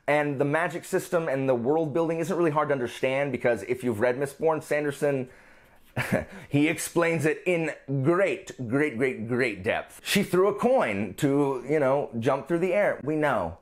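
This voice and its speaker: A man hosting a book channel, chatting casually with a rambling, playful manner. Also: a little high. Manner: lively, rambling, playful asides. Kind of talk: casual chat.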